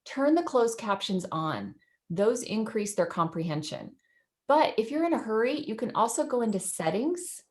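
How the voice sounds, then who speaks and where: A woman teacher walks through a screen-share demo on a video call, chatty and enthusiastic and quick to laugh. Her voice sits at a middle pitch and comes through clearly over the call mic. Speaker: educator presenting in a webinar.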